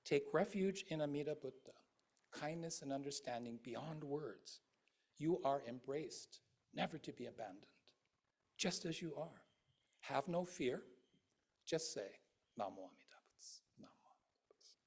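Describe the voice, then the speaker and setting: A man voicing a gentle, reassuring male Buddha in a sermon parable, speaking slowly and soothingly with a husky voice. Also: fairly high pitch, animated. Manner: slow, soothing, fading to a whisper.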